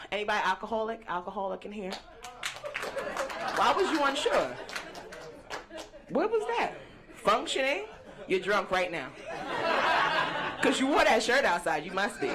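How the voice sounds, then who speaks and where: A woman's voice: mid-range voice, a little slow, long pauses, heavy background noise. Brash New woman doing stand-up. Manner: brash, profane, animated crowd work. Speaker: stand-up comedian. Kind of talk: stand-up comedy set. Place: comedy stage before a live audience. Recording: live stage mic with crowd laughter.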